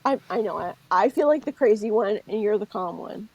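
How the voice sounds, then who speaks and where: Woman co-host with a gravelly rasp, expressive, thinks aloud in casual spiritual chat. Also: mid-range voice, fairly quick, dry recording, dull audio. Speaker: podcast co-host.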